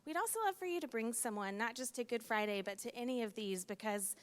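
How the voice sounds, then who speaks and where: A woman's voice: a little high, fast. A woman who is a pastor co-hosts a casual podcast discussion. She is upbeat and keeps the conversation moving. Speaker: pastor and co-host.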